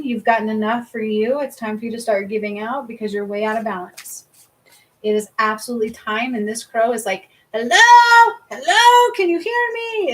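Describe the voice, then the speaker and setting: A woman's voice: a little high, low-quality recording. Emphatic woman giving a card reading. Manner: emphatic, keeps adding "okay?", swears casually. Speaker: spiritual reader and healer. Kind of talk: live-stream card reading.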